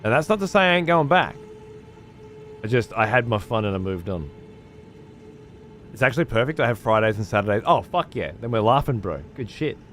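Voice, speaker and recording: Reading chat messages aloud on his live stream, this man keeps things laid-back, swearing freely and using slang such as "mate" and "cunt." His medium-pitched voice is animated and fairly bright, moving fairly quickly but with long pauses. Slight background noise is present.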